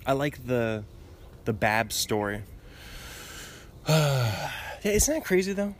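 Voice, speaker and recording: Slow, rambling giggly young man. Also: medium pitch, sing-song. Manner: rambling, giggly, restarts often. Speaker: podcast host. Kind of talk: casual solo podcast monologue.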